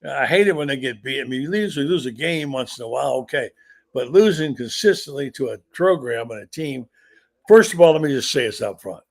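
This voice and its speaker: An older man hosts a sports talk show with a gravelly, fry-edged voice at an ordinary pitch. He is blunt and opinionated, spinning long stories from memory. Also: lively intonation, a little fast. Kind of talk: sports talk radio chat.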